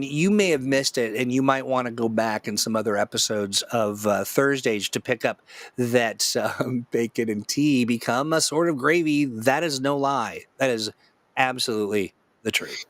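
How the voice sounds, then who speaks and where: A man's voice: mid-range voice, moderate pace, dry recording. Rambling, joking man, dry close sound. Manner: joking, rambling, laughs often. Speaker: host. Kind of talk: casual chat.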